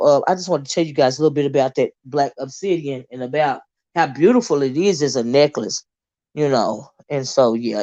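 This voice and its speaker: A woman's voice: low-pitched, darkish tone. Rambling Southern American woman on a lo-fi livestream. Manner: rambling, many fillers and restarts, Southern Black American vernacular turns. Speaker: livestream host reading comments. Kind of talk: casual livestream chat.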